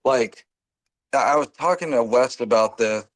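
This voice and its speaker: A man hosts a loose chat about politics, his voice climbing sharply when he gets playful. He talks in an animated, storytelling way at a middling pitch. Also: a little slow. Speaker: host.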